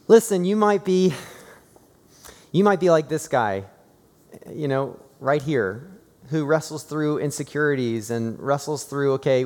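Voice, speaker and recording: A man preaching a sermon, earnest and hushed in stories, rising to fervent, emphatic preaching. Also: medium pitch. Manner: tearful and hushed while telling a personal story. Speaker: pastor. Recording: long reverb of a large hall.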